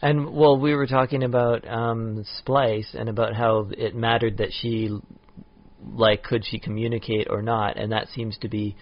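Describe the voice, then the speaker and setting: A man co-hosting a podcast in casual chat, measured and full of "yeah" and "um". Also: medium pitch, little pitch movement, dull audio. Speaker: podcast co-host.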